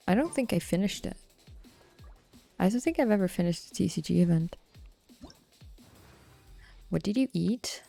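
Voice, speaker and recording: A woman's voice: medium pitch, creaky, warm tone. A woman streamer talking casually while she plays, thinking aloud and swearing offhand. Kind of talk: live-stream gameplay commentary.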